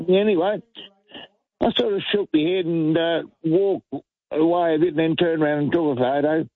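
A man's voice: fairly high pitch, brisk, dry recording. A man with an Australian accent calling into talk radio, telling a rambling, indignant story and acting out the quotes. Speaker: caller. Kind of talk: rambling phone-in anecdote. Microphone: telephone. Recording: tinny dry phone line.

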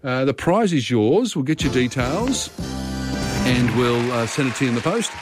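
A man's voice: medium pitch, very animated, normal speed, over loud music, a loud crowd. A man hosting a radio phone-in quiz, chatting casually and talking contestants through the questions.

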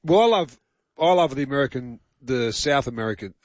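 A man's voice: mid-range voice, lively intonation, a little fast, a little mellow, no echo. A man co-hosting a radio show, bantering in an enthusiastic, playful way. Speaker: radio co-host. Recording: dry, slightly dull studio sound.

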